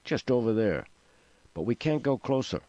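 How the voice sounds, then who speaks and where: A man's voice: medium pitch, moderate pace, no room sound, voice pushed up. A hard, blunt crewman who turns down every plea in short, clipped lines, as a male narrator puts him on. The read sounds dry and slightly dull. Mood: curt. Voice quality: curt, flat refusals.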